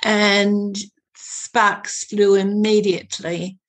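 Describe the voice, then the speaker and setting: A woman guest on a podcast, telling her story in a hesitant way with many pauses and fillers. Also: mid-range voice, flat delivery. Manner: hesitant, searching for words. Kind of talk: interview storytelling.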